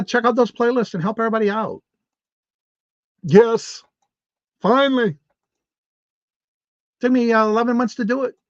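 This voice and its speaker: A man's voice: high-pitched, fairly bright tone, no room sound. A man hosting a casual morning live show, chatty and upbeat, rambling with restarts as he reads viewer comments aloud. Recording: dull, muffled lo-fi stream audio.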